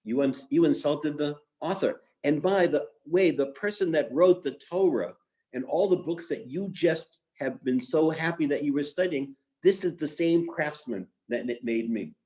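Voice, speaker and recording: A man voicing a wise, plain-looking stranger who answers an insult in a reproachful, unhurried way in a retold story. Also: a little high, warm tone, voice pushed up, lightly acted, poor audio.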